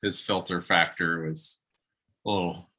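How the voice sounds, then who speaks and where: A man's voice: deep voice, fairly even intonation, a little slow, bright, forceful tone, poor audio. A man in casual podcast chat, a co-host speaking earnestly and leaning on lots of fillers. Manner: earnest, uses many fillers. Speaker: podcast co-host, campus minister.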